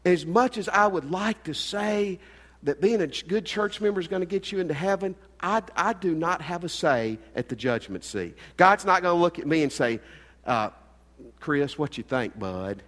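A middle-aged man preaching a sermon as pastor, earnest, swinging between loud emphasis and quiet asides. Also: high voice, moderate pace. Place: church sanctuary. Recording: long hall reverb.

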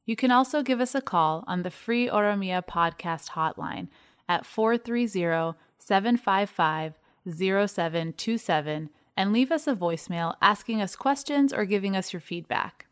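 A woman reads a scripted podcast announcement. Her voice is smooth and resonant, and she delivers it evenly from start to finish. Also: mid-range voice, expressive, normal speed.

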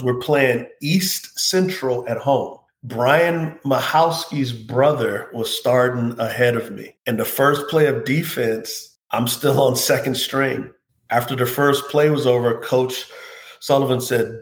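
A man's voice: mid-range voice, fairly even intonation, takes it slowly. A man, a former pro football player, earnestly recounting a personal story as an interview guest. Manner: earnest, heartfelt, reflective. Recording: roomy echo.

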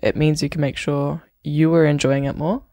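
A young woman co-hosts a casual podcast, dry and teasing, with a gravelly fry in her voice. The sound is close and dead, with no room echo. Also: low voice, little pitch movement, normal speed, warm tone. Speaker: podcast co-host.

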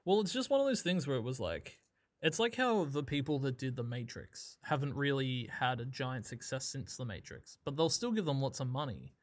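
A man chatting casually about a film, wry and quick to laugh. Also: mid-range voice, big pitch swings, no room sound. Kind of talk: casual film review chat.

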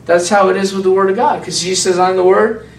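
Male preacher, a bit high-voiced, animated and conversational, recorded from afar in a roomy hall with faint background hiss. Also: fast. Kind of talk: sermon. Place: church hall with a congregation. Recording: echoey room, speaker far from mic, faint background noise.

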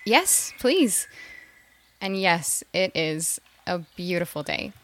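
A woman's voice: fairly low pitch, big pitch swings, takes it slowly, fairly bright tone, full character voice. An actress playing a chatty young mother in an audio drama who talks with nervous little laughs. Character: eager young mother, psychology graduate.

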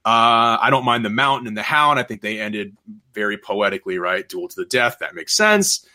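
A man hosting a podcast, chatting casually and profanely, acting out scenes with lively delivery. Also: mid-range voice, normal speed. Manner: animated, profane, acts out scenes. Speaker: podcast host. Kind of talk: casual chat.

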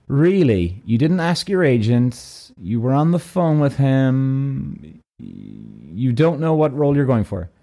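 A man's voice: mid-range voice, sing-song, takes it slowly, gravelly, mellow, exaggerated voice. A man voicing a stern, suspicious male casting assistant in a story, staying close to his own voice.

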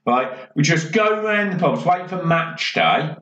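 A man, co-hosting a podcast and rambling through dark comic stories with drunk banter. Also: a little high, animated, measured pace. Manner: rambling, keeps checking with "right?". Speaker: podcast co-host. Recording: roomy, distant, dull and slightly noisy.

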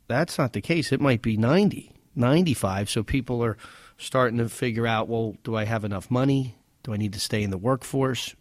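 A man's voice: mid-range voice, no room sound, studio quality. A man in his thirties co-hosting a financial show, explaining things in a conversational way with rhetorical questions. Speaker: financial advisor and show co-host. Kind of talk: casual radio-show talk.

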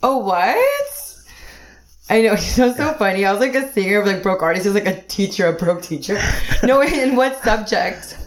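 Young woman, casual podcast host, laughs a lot, teasing, medium pitch. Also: moderate pace. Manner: giggly, teasing. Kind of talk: casual chat.

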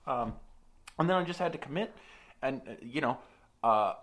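A man's voice: mid-range voice, animated, moderate pace, a bit bright. A man co-hosting an improv comedy podcast in a dry, easygoing way, with a sore throat. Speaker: podcast co-host.

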